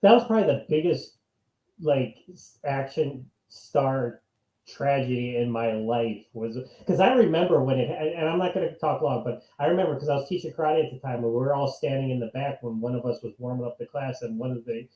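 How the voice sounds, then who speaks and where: A lively man in a casual movie chat who swears freely and drifts into personal stories. His voice is dark and mellow, and it rings in an echoey room. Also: mid-range voice, a little fast. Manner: animated, swears, tells stories. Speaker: co-host.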